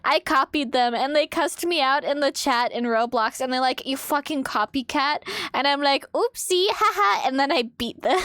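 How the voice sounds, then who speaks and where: A young woman streamer chatting casually while she draws, animated and swearing freely, laughing often. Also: high voice, normal speed, few pauses, clean tone, dry recording, clean studio sound. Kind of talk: casual chat while drawing. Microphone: desk microphone.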